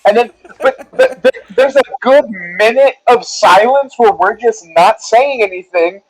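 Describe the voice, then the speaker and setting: A man's voice: sits high, lively intonation, a little slow, rough recording. A man co-hosting a movie podcast, chatting casually and joking in a rambling way over a voice call. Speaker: podcast co-host. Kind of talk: casual chat. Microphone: home mic on a voice call.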